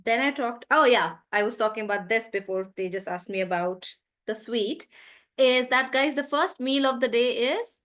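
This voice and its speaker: A fairly high-pitched woman leads an online pronunciation class. She talks in a lively, upbeat way, laughs often, and stretches out words to show where the stress falls. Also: normal speed. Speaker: English pronunciation teacher.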